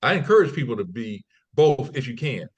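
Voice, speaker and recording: Brisk and slightly rough, this man's medium-pitched voice belongs to a trading company CEO guesting on a podcast. He talks casually, voicing the people he quotes loudly and frequently restarting or repeating words.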